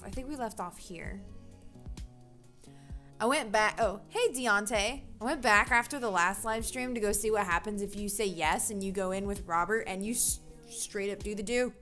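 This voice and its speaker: A woman's voice: medium pitch, normal speed, a bit bright. A woman streaming a game, chatting casually and giggling as she greets her chat and reads along. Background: faint game music.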